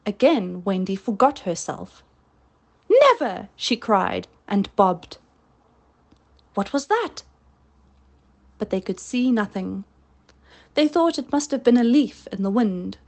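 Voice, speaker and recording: Slow-reading woman narrator. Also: medium pitch, expressive, creaky, a little mellow. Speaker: audiobook reader. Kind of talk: storybook narration.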